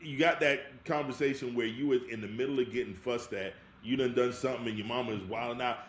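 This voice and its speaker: A married man co-hosting a podcast, telling lively stories in casual chat and laughing often. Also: medium pitch, fast. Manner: animated storyteller, laughs often. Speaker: podcast co-host. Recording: echoey room with faint hiss.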